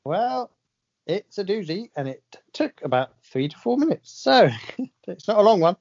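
A man's voice: high voice, big pitch swings, normal speed, gravelly, darkish tone. A man co-hosting a casual podcast, teasing and cheeky with dry banter. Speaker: podcast co-host. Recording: dull lo-fi recording.

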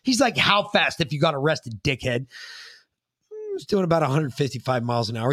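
A man's voice: fairly high pitch, huge pitch swings, fairly quick, a bit bright, no room sound, studio quality. A middle-aged man from New York State co-hosting a podcast, telling a story in a casual, profane way and acting out other people's lines. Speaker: podcast co-host.

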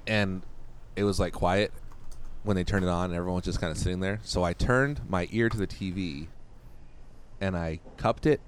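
Casting: low-voiced male podcast co-host, rambling storyteller, faint hiss behind. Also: normal speed. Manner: rambling storyteller, laughs often. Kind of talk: casual chat.

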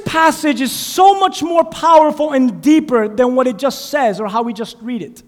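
A man preaching a sermon to a congregation, asking them questions and waiting for answers, building from quiet teaching to shouted emphasis. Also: very high voice, normal speed, few pauses, big-room sound. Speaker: pastor. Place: church sanctuary.

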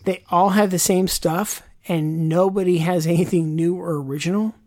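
A woman talking casually on a podcast, with a slightly low voice. She rambles and wanders through her points, with lots of asides and filler words. The sound is dry and close, with no room around it. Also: fairly even intonation, normal speed, dark tone, no echo. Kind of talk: casual chat.

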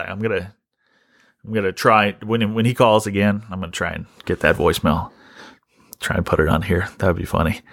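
A man's voice: fairly low pitch, dry recording, studio quality. A man hosting a podcast who tells a story as an exasperated, wry rant and often repeats himself. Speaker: podcast host.

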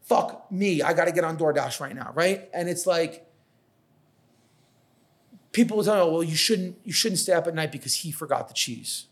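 Brief: thirties male business owner, sweary, animated raconteur, slightly high voice. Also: moderate pace, slightly rough. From New York. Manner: profane, animated storytelling, acts out quotes. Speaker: catering business owner, podcast guest. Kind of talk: casual podcast conversation.

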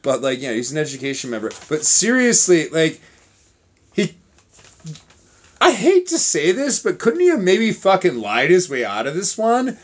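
Male comedy podcast host: casual, profane, stumbling, and very animated in pitch. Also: moderate pace. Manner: rambling, profane, many restarts and fillers.

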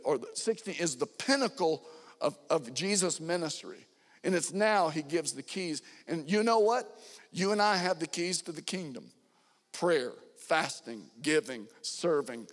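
A middle-aged man preaching a sermon as pastor, with fervent emphasis that rises loud on key lines. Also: fairly high pitch. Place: church sanctuary. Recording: long hall reverb.

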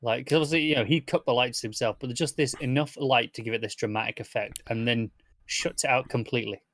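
A man's voice: medium pitch, steady tone, fast, a bit bright. A man co-hosting a casual comic book discussion, chiming in with short, somewhat hesitant remarks. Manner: brief agreeing interjections, hesitant. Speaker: podcast co-host.

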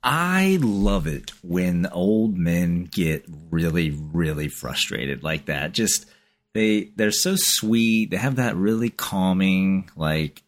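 A speaker comments on a call-in clip with amusement, imitating the voices heard. They talk slowly, with a lively, swinging pitch.

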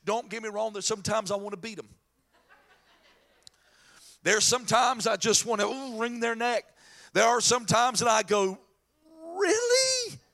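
Male pastor, sermon, very high voice, gravelly, bright, animated storytelling. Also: normal speed, long pauses. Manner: animated preaching with acted retellings.

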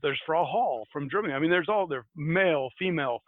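A man's voice: a little high, animated, fairly quick, no room sound. Chatty American man, tinny dry audio. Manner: rambling, self-interrupting, laughs at himself. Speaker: podcast host. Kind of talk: casual podcast chat and folktale retelling. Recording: tinny phone-like dry sound.

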